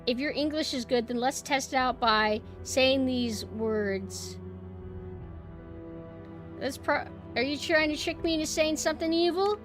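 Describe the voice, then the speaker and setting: A woman streaming a game and chatting casually with her viewers, swinging between quiet murmurs and loud exclamations. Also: sits high, a little slow, soft background music. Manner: chatty, talks to chat directly. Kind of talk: casual gameplay livestream chat.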